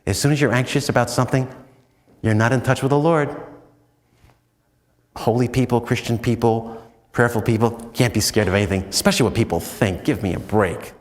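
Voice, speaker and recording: Chatty American priest in a reverberant hall. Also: male voice, mid-range voice, a little fast. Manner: chatty, self-mocking, many "you know"s. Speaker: priest giving a spiritual talk. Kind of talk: storytelling retreat talk.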